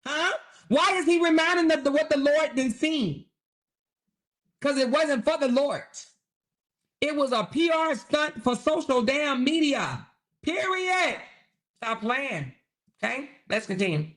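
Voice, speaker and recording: A woman's voice: sits high, expressive, a little slow, pauses often. A woman hosting a commentary livestream, talking in a blunt, sarcastic, profane way. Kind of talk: casual commentary.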